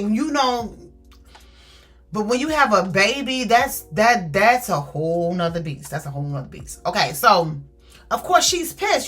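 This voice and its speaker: A woman recaps a novel for her followers in a loose, gossipy way, full of slang and little asides. She animates the plot by briefly voicing the characters. Soft music plays faintly behind her. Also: mid-range voice. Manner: chatty and slangy, calls listeners "girl" and "baby"; animated, acts out characters' lines. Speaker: book reviewer. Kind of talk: casual book review retelling a plot.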